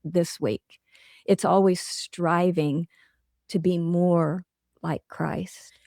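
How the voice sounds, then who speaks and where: A woman's voice: fairly low pitch, steady tone, extremely slow, gravelly, a little mellow, no echo, clean studio sound. A middle-aged woman, a guest author, talking earnestly and reflectively in a casual interview, working through everyday examples.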